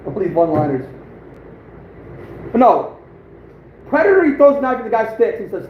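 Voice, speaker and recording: A man's voice: high voice, expressive, a little fast. A man in his thirties chatting casually on a livestream, rambling and chuckling often between thoughts. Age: 30s. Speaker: outdoors livestream host. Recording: phone-like echoey room with faint noise.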